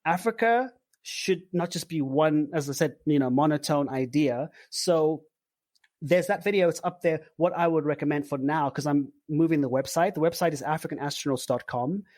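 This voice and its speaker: Relaxed Zimbabwean-born man chatting. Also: fairly high pitch, moderate pace, dry recording. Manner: relaxed, rambling with filler words. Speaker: podcast guest. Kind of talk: casual interview chat.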